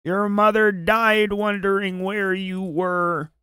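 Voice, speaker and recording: A man putting on the voice of a reproachful old woman, shouting mock scolding. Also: high-pitched, flat delivery, takes it slowly, clean tone, no room sound, studio quality, pitched above the performer's own voice, exaggerated voice.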